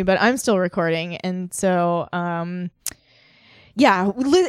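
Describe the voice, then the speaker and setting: A woman's voice: lowish voice, dry recording, clean studio sound. A woman co-hosting a podcast in casual chat, telling stories with lots of laughter and casual swearing. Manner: animated storytelling, laughs often, swears casually. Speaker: podcast co-host.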